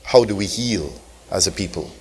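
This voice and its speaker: A man with a Guyanese accent hosting a talk show, moderating the panel with measured questions. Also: deep voice, lively intonation, darkish tone, breathy edge.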